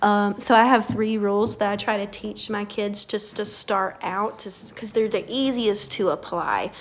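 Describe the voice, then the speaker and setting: A woman speech therapist guiding a child through a lesson, speaking slowly and deliberately and praising gently. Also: mid-range voice, a little hiss or hum.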